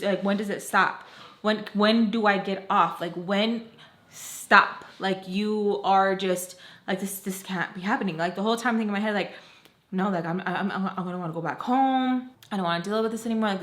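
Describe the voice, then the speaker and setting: Recorded in an echoey room, this storytime vlog has a woman rushing through a dramatic story in a mid-range voice. She rambles emotionally and says "like" constantly.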